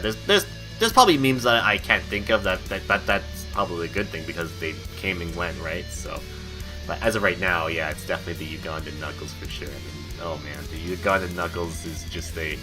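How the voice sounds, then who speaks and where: A young man hosting his channel's podcast, rambling through viewer questions and laughing between thoughts. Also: low voice. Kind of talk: casual chat answering viewer questions.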